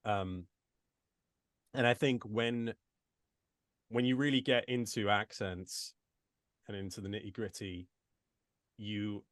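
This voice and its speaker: A man's voice: fairly low pitch, steady tone, takes it slowly, pauses often, no room sound, clean studio sound. A man from the United States who speaks with an English accent, a voice actor chatting casually in an interview with many restarts and asides. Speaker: voice actor guest.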